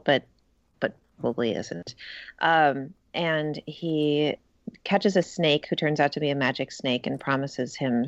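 A woman with a low voice answering interview questions about her book, loose and casual with frequent ums. The sound is dry and slightly muffled. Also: no echo. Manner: casual, full of ums and hedging. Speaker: picture book author.

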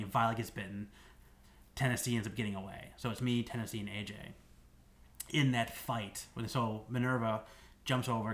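A man's voice: medium pitch, a bit bright. Brief: podcast co-host, man, mid-range voice, rambling casual game recap. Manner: rambling, restarts and many "like"s.

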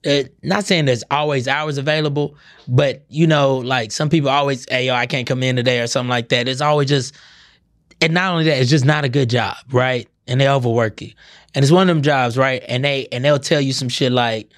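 A man's voice: medium pitch, a little fast. A young man hosting a podcast, delivering a profane, heated comedic rant with lots of swearing. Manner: profane, heated, animated ranting. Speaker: podcast host. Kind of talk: ranting comedic monologue.

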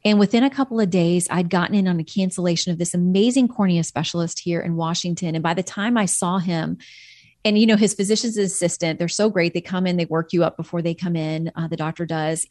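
A woman's voice: fairly low pitch, fast talker, darkish tone, no room sound. A woman earnestly telling a personal faith story as a podcast guest, quoting her own prayers.

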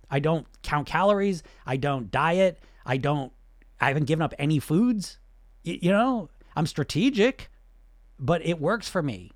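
A middle-aged man coaching on weight loss and answering questions, blunt and animated, firing off rhetorical questions. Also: fairly high pitch, unhurried, no room sound, clean studio sound.

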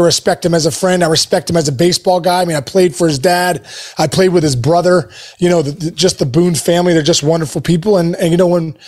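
A man in his forties, a baseball coach, talking with enthusiasm in a casual interview, rambling with lots of "you know" fillers and restarts. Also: high-pitched. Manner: enthusiastic, emotional.

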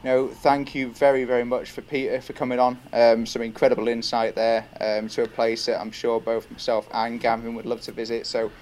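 A man's voice: medium pitch, level tone, brisk, few pauses, a little mellow. A man hosting a podcast, casual and joking as he wraps up the episode. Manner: joking, laughing. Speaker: podcast host.

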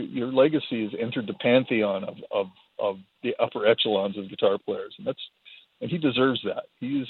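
A man's voice: on the low side, no room sound. A man talking casually as a guest in a phone interview, rambling and self-deprecating, often repeating his words. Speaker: guitarist guest. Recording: tinny phone line, husky.

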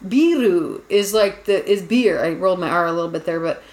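A woman's voice: fairly low pitch, fast talker. A woman hosting a casual podcast chat, telling rambling stories with lots of "like"s and restarts. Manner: rambling, chatty storyteller with frequent "like"s. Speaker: podcast host. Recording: roomy echo.

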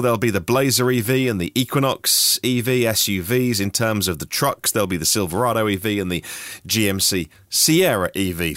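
A man's voice: lowish voice, fairly bright tone, no room sound, clean studio sound. A man from Norfolk hosting a daily news podcast, reading through stories in a chatty way with personal asides. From Norfolk, England. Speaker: podcast host.

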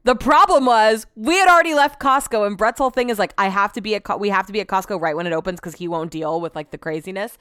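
A young woman hosting a podcast, telling a story in a chatty, animated way and acting out everyone's lines. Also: mid-range voice, fast, few pauses, clear, resonant tone, no room sound, clean studio sound. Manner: chatty, animated, quotes herself and others; laughs while telling the story. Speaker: podcast host. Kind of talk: casual storytelling chat.

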